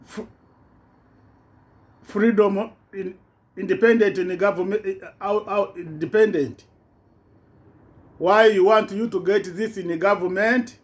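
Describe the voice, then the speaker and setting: A man giving an impassioned political rant in broken, non-native English, repeating himself with indignation. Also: sits high. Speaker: vlogger.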